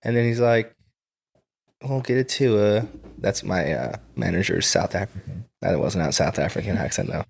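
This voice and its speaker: A young man co-hosts a podcast, chatting casually and rambling with plenty of fillers. His voice sits low and is expressive, fairly quick, and marked by vocal fry, with a little hiss or hum in the recording.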